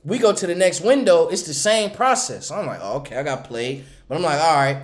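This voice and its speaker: Guy with a high voice telling a trucking story on a livestream, acts out everybody, laughs a lot. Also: fairly quick. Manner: animated, acts out the people in his stories. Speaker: owner of a small trucking company.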